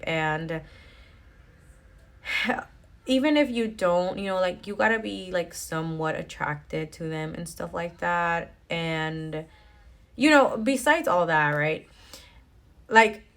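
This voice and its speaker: A woman's voice: lowish voice, animated, a little slow, fairly bright tone. A young woman addressing the camera in a casual storytime chat, full of fillers, y'alls and nervous laughs. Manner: chatty, filler-heavy with many likes and y'alls, nervous laughs. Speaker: storytime vlogger.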